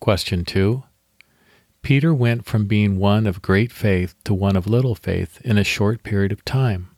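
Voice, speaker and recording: A man hosting a devotional podcast, reading scripture slowly and leading a guided meditation. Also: lowish voice, a little mellow, no echo, studio quality.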